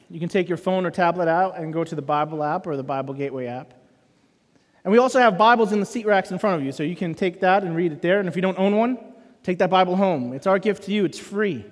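A man preaching a sermon as pastor, telling stories and acting out the dialogue in them. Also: high voice. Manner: animated storytelling, acts out dialogue. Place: church auditorium. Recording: long hall reverb.

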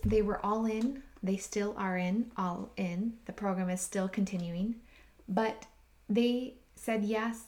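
A woman hosting a podcast, telling a personal story in a slow, heartfelt way that sometimes drops to a near whisper. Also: mid-range voice, fairly even intonation, a little mellow. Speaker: podcast host and retreat leader.

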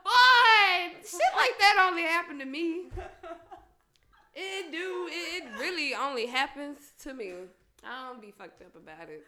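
A high, bright woman's voice that swings widely as she tells a story, laughing and swearing freely and acting out what people said. The room gives her voice a noticeable echo. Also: lively intonation, a little slow, slight background noise. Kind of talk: casual chat.

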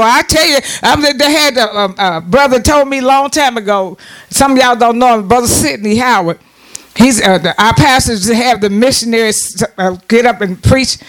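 High-voiced man preaching a sermon. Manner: call-and-response preaching, rising to shouts.

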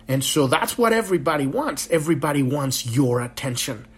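A man's voice: a little high, very animated, a little fast, breathy edge. A man hosting a spiritual podcast, talking in a passionate, rambling monologue full of swearing. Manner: profane, impassioned and rambling. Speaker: podcast host.

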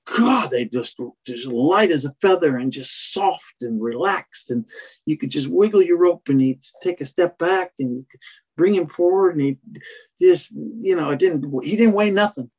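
A husky-voiced man who trains horses tells a long story in casual conversation. He speaks in a fairly high register for a man and rambles, starting over often and dropping in "you know". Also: expressive, moderate pace, darkish tone.

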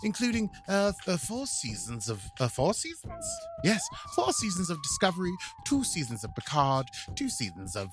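A man's voice: high-pitched, wildly swooping pitch, moderate pace, hardly any pauses, over music. A man co-hosting a podcast, signing off in a rambling, playful way with lots of filler words. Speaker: podcast co-host. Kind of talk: casual podcast outro chat.

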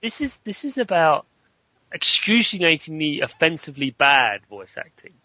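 A man on a gaming podcast panel, talking in animated, emphatic complaint. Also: fairly high pitch, moderate pace, dry recording, highs cut off. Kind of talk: casual chat.

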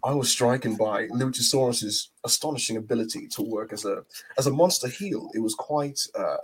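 A man putting on a put-on English accent to play a prim gentleman giving a flowery, halting review. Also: mid-range voice, husky, pitched below the performer's own voice, low-quality recording. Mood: pompous.

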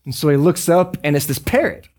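A man preaching a sermon as a pastor, conversational and joking with quick asides. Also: on the high side, expressive, darkish tone.

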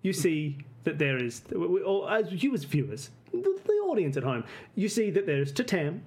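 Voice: mid-range voice, very animated, normal speed, a little mellow. A game master narrating a tabletop game in a playful, laughing way.

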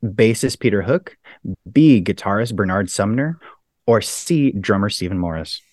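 A man's voice: lowish voice, animated, normal speed, a little mellow, dry recording, clean studio sound. A man hosting a podcast, reading quiz questions in a casual, joking manner. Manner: reads questions, then laughs and jokes. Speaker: podcast host, quizmaster.

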